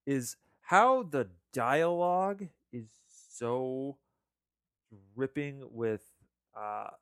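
A man co-hosting a casual film discussion, talking in halting bursts with many restarts. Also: mid-range voice, expressive, fairly bright tone, smooth, no room sound, clean studio sound. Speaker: podcast co-host.

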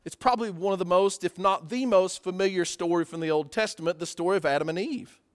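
A man preaches a sermon in a high voice. He is animated, asks the listener rhetorical questions and acts out the voices of everyday people. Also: fast. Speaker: pastor.

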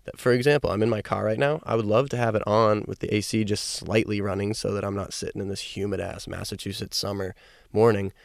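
A young man rambles casually on a solo podcast, recorded from his parked car, speaking loosely into a mic and cursing freely. His voice sits on the low side, with a steady tone, a fast pace and vocal fry. The recording is dry.

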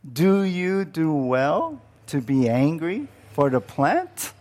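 A man's voice: fairly high pitch, sing-song, slow pace, a little mellow. A man voicing God, who patiently asks probing questions during a sermon. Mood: questioning.

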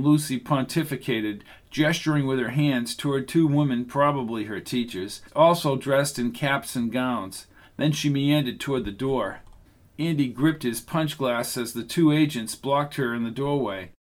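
A man reading an audiobook in steady scripted narration. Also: mid-range voice.

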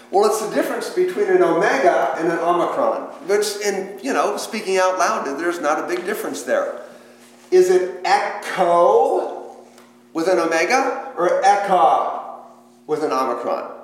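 A man leading an interactive Bible study lesson, talking conversationally, quizzing the class with questions and making playful joking asides. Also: sits high. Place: church hall. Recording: echoey church hall with long reverb.

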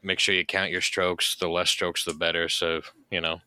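A man's voice: low-pitched, flat delivery, sharp tone. A man co-hosting a podcast in casual chat, joking and laughing often. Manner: jokey, laughs often, quick asides. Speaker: podcast co-host.

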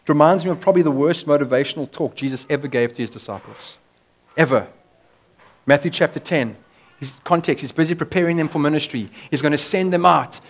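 A man's voice: fairly high pitch, a little fast. A man preaching a sermon as pastor, in an emphatic, conversational way.

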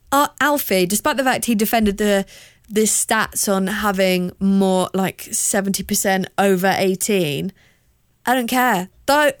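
Speaking at a medium pitch, this podcast host is a young southern English woman with a slightly posh accent. She chats frankly and swears freely on her own show, recorded at studio quality without any echo.

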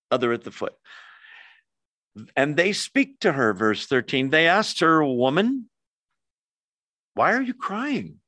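Older male pastor, conversational Bible teacher, slightly raised pitch, dry close sound, keeps quizzing the room. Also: no room sound. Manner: chatty, asks the audience questions, animated. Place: church hall with in-person and online audience.

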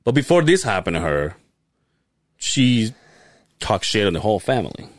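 A man's voice: moderate pace, no echo, studio quality. A man co-hosting a casual podcast, telling family stories with lots of swearing and acting out his relatives' lines. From abroad, moved to the country in 2001. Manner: animated storytelling, swearing, acts out relatives in high voices. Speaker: podcast co-host. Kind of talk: casual chat.

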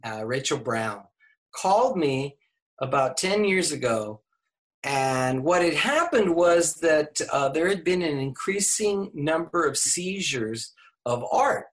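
A man's voice: fairly high pitch, slow pace. An older man, an English professor, telling a story in an interview with lots of fillers and restarts. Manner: animated, laughing, many fillers and restarts.

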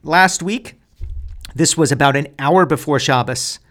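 A man hosting his own comedy podcast, telling wry, deadpan stories and jokes in a casual monologue. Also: a little high, measured pace. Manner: deadpan joking, wry asides. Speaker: podcast host.

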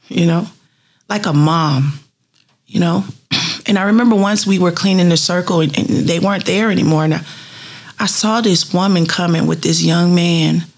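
Husky, creaky-voiced woman in her fifties. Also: fairly low pitch. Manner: earnest and heartfelt, with lively retold dialogue. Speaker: public works street cleaning supervisor. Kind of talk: storytelling in a personal profile interview.

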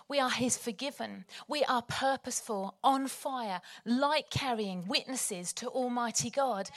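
Enthusiastic woman preacher, conversational sermon, higher pitch. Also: a bit bright. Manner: chatty, enthusiastic, laughs easily.

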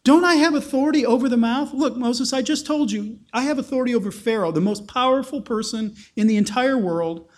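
A man's voice: very high-pitched, brisk, hardly any pauses. A man speaking as God in a Bible retelling, firm and insistent, with a string of rhetorical questions. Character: God, a patient, firm all-powerful male deity.

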